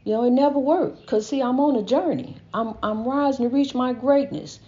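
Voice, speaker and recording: A woman's voice: high-pitched, animated, moderate pace, mellow, dull audio. An older woman giving an impassioned, rambling spiritual monologue, repeating her points with emphasis. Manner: preachy, repetitive, emphatic, rambling.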